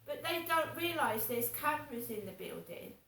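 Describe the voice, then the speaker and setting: A woman's voice: on the high side, very animated, moderate pace, vocal fry, bright, forceful tone, recorded from a distance, a little hiss or hum. Woman, agitated vlog rant, swearing, roomy echo, away from the mic. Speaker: vlogger. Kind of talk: rambling monologue vlog. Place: home flat.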